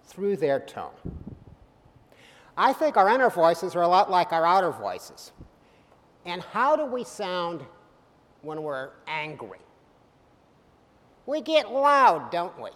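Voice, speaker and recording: High-voiced male preacher in a reverberant hall. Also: takes it slowly, pauses often. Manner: animated, with sudden loud bursts and soft drops; humorous asides. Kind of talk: sermon.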